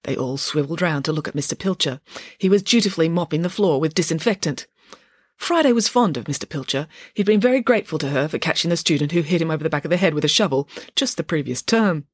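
A woman narrating a children's storybook with an expressive, playful reading. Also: low-pitched, dry recording, clean studio sound. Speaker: audiobook narrator.

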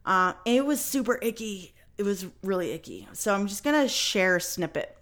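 A woman's voice: mid-range voice, sing-song, normal speed, fairly bright tone. A woman hosting a podcast, telling a story in casual chat with lots of fillers and some swearing. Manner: chatty, many fillers, swears. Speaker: podcast host.

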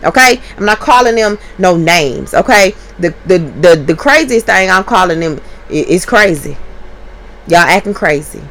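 A woman, a stay-at-home mother hosting her podcast from home in a blunt, profane, emphatic monologue that jumps up in pitch when she gets heated. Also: expressive, normal speed, fairly bright tone. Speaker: podcast host. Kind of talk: candid monologue. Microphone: podcast mic.

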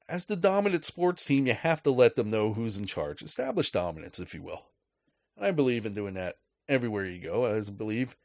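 This man hosts a podcast in a medium-pitched, darkish voice with no room sound. Telling a story as a casual rant, he swears, jokes, and leans on sarcasm.

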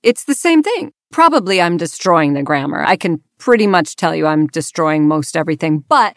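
Lower-voiced enthusiastic actress guest. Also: female voice, sing-song, moderate pace, fairly bright tone, no echo, clean studio sound. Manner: enthusiastic, laughs easily. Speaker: actress and casting director. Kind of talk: casual interview chat.

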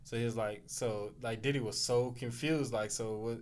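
Male podcast host from Southern California, mid pitch, relaxed storyteller. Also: moderate pace. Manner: laid-back storytelling, acts out quotes in raised voices. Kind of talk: casual chat.

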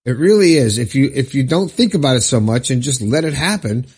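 A man hosting his own podcast, cheerful and encouraging as he gives shout-outs and reads listener letters. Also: medium pitch, lively intonation, brisk, husky. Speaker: podcast host. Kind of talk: upbeat solo podcast talk.

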